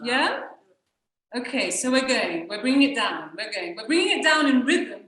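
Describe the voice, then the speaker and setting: A woman's voice: on the high side, animated, normal speed. A woman teaching a flamenco dance workshop, energetically counting the rhythm aloud in syllables. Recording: echoey room, distant mic, loud noise.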